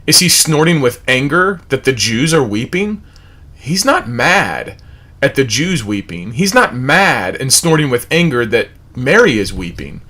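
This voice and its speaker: A man's voice: medium pitch, unhurried. A man leading a livestreamed Bible study, asking repeated rhetorical questions and reading out word definitions. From United States. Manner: animated, repetitive rhetorical questions, reads word definitions aloud.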